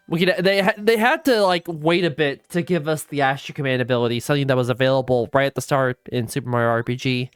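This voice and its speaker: A woman's voice: very deep voice, fast, hardly any pauses, clear, resonant tone, no echo, soft background music. A woman giving casual, rambling let's play commentary, swearing freely as she goes. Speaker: gaming streamer.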